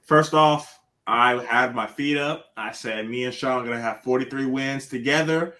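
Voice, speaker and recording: A man giving excited, profanity-laced sports takes on a casual podcast, telling stories with lots of energy. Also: medium pitch, normal speed. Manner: animated storyteller, swears freely. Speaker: podcast panelist.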